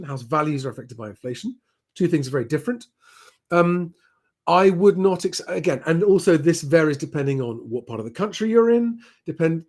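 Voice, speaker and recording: Man, live Q&A host, slightly higher voice, easygoing, lots of ums. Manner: relaxed, conversational, frequent "um" fillers. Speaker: host answering viewer questions. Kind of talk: live Q&A stream.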